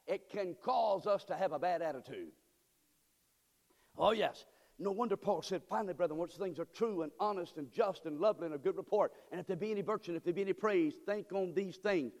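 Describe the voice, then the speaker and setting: A male pastor preaching a sermon, calling out to the congregation and swinging from hushed tones to shouts. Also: sits high, a little fast, vocal fry. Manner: call-and-response preaching, swings from quiet to shouting. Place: church sanctuary. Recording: long reverb from a church hall.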